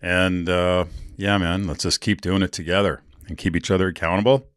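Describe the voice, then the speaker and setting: A man's voice: deep voice, steady tone, normal speed, clean tone, dry recording, studio quality. A man in his forties hosting a podcast, telling stories in a casual, rambling, candid way, with fillers and swearing. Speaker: podcast host. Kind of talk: casual storytelling monologue.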